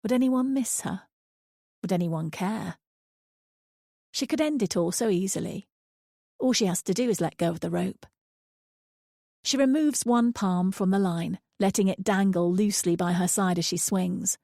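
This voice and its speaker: Gravelly woman reading a thriller. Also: mid-range voice, normal speed, dark tone, dry recording, studio quality. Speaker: audiobook narrator. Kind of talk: scripted thriller narration.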